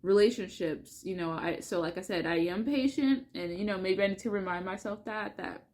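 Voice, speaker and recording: A woman's voice: medium pitch, moderate pace, darkish tone. A young woman vlogging casually, earnest and chatty with many fillers, reading aloud from oracle cards. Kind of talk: casual spiritual vlog with card reading.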